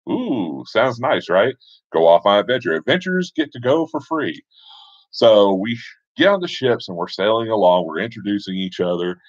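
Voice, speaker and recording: A man casually telling a tabletop game story, with relaxed asides and fillers. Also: lowish voice, moderate pace, dry recording, lo-fi sound.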